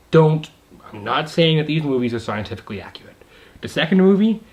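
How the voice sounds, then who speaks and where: A young adult man giving a casual video movie review, excited and rambling, with many asides and fillers. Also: mid-range voice.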